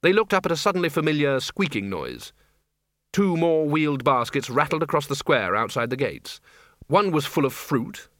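Lively man narrating an audiobook. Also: mid-range voice, no echo, studio quality.

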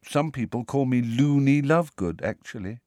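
A man voicing a dreamy, serene teenage girl witch in an audiobook, calm and matter-of-fact. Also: mid-range voice, normal speed, dry recording, studio quality, natural voice.

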